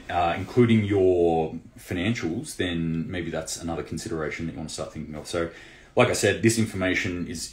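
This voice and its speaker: Male host, casual news commentary; deep voice, chatty with restarts, roomy sound. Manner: loose and conversational, many fillers and restarts. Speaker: prepping channel host. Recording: roomy echo.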